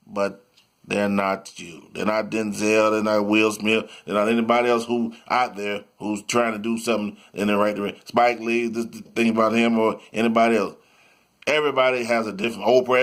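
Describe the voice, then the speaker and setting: A man giving a rambling motivational monologue, repeating himself and sometimes breaking into sing-song chanting. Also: fairly low pitch.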